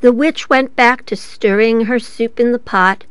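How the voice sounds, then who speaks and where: A woman librarian telling a story to children, playful and lively, asking her listeners questions as she goes. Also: fairly high pitch, unhurried, few pauses, clear, resonant tone, dry recording.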